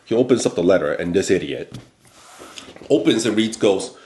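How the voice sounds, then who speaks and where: A man hosting a talk show, telling a personal work story in a blunt, animated way, often tagging "okay?" onto his points. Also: sits low, moderate pace, pauses often, echoey room. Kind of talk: casual storytelling monologue.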